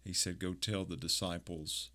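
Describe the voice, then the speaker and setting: A man interviewing a guest about faith and grief, speaking gently and affirmingly. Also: low voice, steady tone, normal speed.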